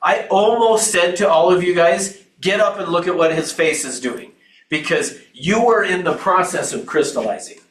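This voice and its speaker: A man's voice: high-pitched, moderate pace, a bit bright. A man training real estate agents in a live class, talking in a conversational way with restarts and asides. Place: training room. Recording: echoey room, speaker far from mic.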